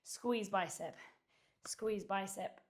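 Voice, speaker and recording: Her medium-pitched voice moves at a slow pace as she teaches a home Pilates and dumbbell session, panting while she cues and counts reps mid-exercise. The audio comes from a camera set at a distance.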